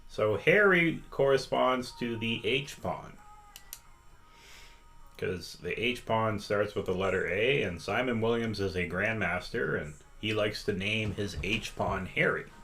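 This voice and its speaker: Slow, patient man teaching on stream. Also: fairly low pitch, fairly bright tone. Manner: slow, patient, reads out chat votes. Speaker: chess teacher streaming live. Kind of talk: interactive live-stream lesson.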